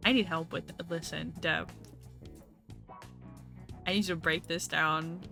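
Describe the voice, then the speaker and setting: A woman's voice: low voice, steady tone, a little slow, gravelly, bright, forceful tone, faint music behind. A young woman streaming a game, chatting casually with her audience, swearing freely and laughing often. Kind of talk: casual let's-play chat.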